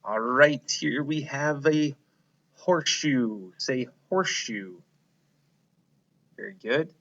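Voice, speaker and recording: A man's voice: medium pitch, animated, slow pace, fairly bright tone, highs cut off. A man teaching a phonics lesson to young children, patient and encouraging, asking them to repeat words after him. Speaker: kindergarten teacher.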